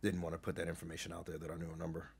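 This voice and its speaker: A man's voice: deep voice, completely flat delivery, rapid-fire, vocal fry, slightly rough, heavily acted. A man doing an impression of a smug, insulting middle-aged male relationship consultant on a live stream, with a condescending, mocking manner. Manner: condescending, mocking, drops to a hushed whisper. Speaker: stream host.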